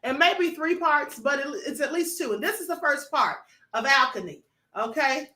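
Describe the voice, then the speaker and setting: A woman's voice: high voice, animated, normal speed, sharp tone, reverberant. A woman hosting a live stream for members, chatting casually, greeting viewers by name and calling them honey and beloved. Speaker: host. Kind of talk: livestream talk to members.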